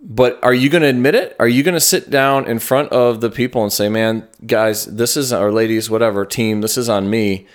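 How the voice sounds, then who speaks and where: A man co-hosting a podcast, upbeat and playful, then reflective as he coaches listeners on leadership. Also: on the low side. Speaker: podcast co-host. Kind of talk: casual podcast chat.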